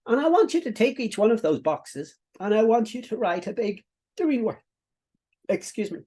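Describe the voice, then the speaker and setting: A man's voice: high-pitched, very animated, moderate pace, dark tone, slightly rough. A middle-aged man teaching a coaching lesson to camera, giving instructions with many fillers, repetitions and asides. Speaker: business coach.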